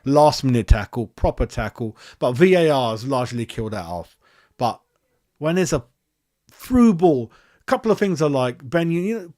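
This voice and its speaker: A man hosting a football fan channel, reviewing a match in blunt, excitable, heavily sworn chat. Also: medium pitch, no room sound, clean studio sound. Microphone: handheld microphone.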